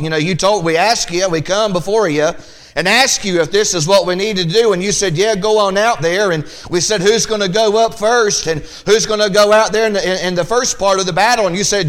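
High-voiced preaching pastor. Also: male voice. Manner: animated preaching, acts out the Israelites' voices, reads scripture aloud. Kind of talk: sermon.

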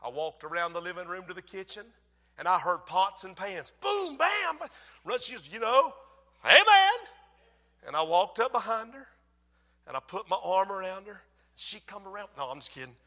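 A man preaching a sermon, acting out a story, swinging from hushed tones to shouting. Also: sits high, normal speed. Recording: long hall reverb.

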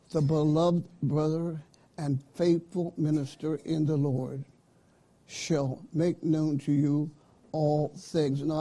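A man preaching a sermon, slow and emphatic, calling out to his listeners. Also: a little high, warm tone, slightly rough. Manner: slow, emphatic preaching with call-outs to the congregation.

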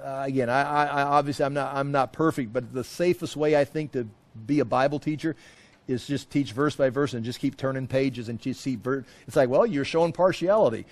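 A middle-aged man teaching a verse-by-verse sermon, emphatic and animated, full of rhetorical asides and restarts. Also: medium pitch, fairly quick. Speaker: Bible teacher.

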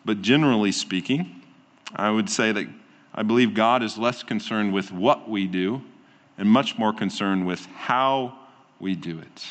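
A man preaching as a pastor, calm and earnest, often easing into soft, slow endings. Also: on the low side. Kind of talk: sermon. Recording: long hall reverb.

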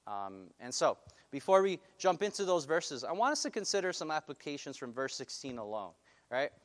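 A male pastor delivers an animated sermon, posing questions to his congregation. His voice sits fairly high and moves at a moderate pace.

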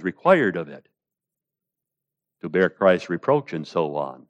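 A man preaching a sermon, quoting scripture in old-style wording and swinging between raised emphasis and hushed asides. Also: low-pitched, very animated, slow, long pauses.

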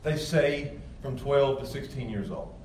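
A man's voice: mid-range voice, unhurried, darkish tone. Guy pastor preaching, kinda chatty and emphatic, echoey room, faint background hum. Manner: conversational, emphatic preaching with repeated restarts. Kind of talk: sermon. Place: church sanctuary with congregation. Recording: echoey room, far from mic, faint ambience.

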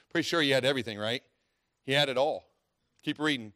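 A man preaching a sermon in a folksy, storytelling way, dropping to quiet asides and rising to loud preaching, reading scripture aloud. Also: mid-range voice, fast, long pauses. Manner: reads scripture in old-fashioned wording.

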